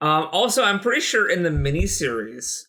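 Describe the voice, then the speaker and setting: A man's voice: on the high side, very animated, a little fast, pushed and bright. A man co-hosting a podcast, chatting casually about a book with friends, rambling and acting out quotes. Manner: rambling, full of "like" and acted-out quotes. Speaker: podcast co-host. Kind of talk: casual book-club chat.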